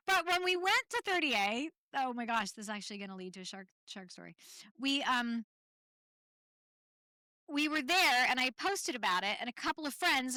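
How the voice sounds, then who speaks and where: A woman's voice: a little high, bright, forceful tone, no echo, clean studio sound. A woman from Canada hosting a solo podcast, telling rambling, laughing travel stories full of fillers. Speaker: podcast host.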